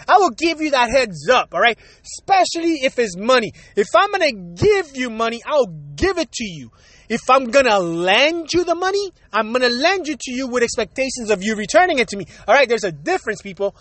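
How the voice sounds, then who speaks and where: Solo podcast host, male, very high pitch, angry and foul-mouthed, repeats himself, a cold lingering, dry close mic. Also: very animated, brisk, a bit bright, dry recording. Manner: profane, heated, repetitive. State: recovering from a cold, coughing. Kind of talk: solo rant.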